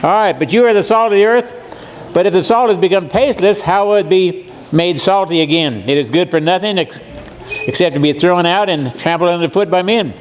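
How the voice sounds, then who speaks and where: A man's voice: high voice, brisk. A man in his seventies, a guest preacher giving a seminar sermon in a church, folksy and joking, often putting questions to his audience. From USA. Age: 70s. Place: church meeting room.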